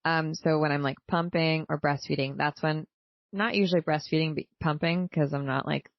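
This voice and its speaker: A woman's voice: low voice, steady tone, normal speed, muffled recording. A woman in her thirties co-hosting a podcast, chatty and playful in casual talk. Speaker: podcast co-host. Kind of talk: casual chat.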